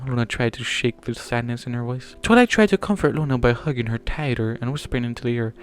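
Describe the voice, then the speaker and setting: A man's voice: mid-range voice, fast, few pauses. A man reading a fan story aloud, plainly, with small slips that he corrects as he goes. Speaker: fanfiction reader. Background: faint music.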